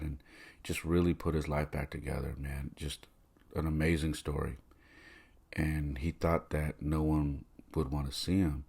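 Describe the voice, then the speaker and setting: A man's voice: extremely low pitch, creaky, darkish tone, slightly rough. A middle-aged man hosting a podcast, telling a personal story in a casual, conversational way and acting out the voices of the people he quotes. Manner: conversational, many fillers, acts out quoted voices. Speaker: podcast host.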